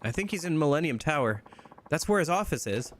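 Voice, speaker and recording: A man's voice: on the high side, big pitch swings, brisk, slight background noise, pitched above the performer's own voice. A man voicing an anxious young woman who pleads about her missing cat. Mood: worried. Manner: pleading, fretful.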